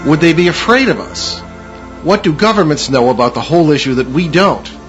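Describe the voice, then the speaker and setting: An older man, co-hosting a paranormal radio talk show in a measured, formal way. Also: on the high side, lively intonation, faint music behind. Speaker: co-host. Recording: dull lo-fi radio audio with faint hiss.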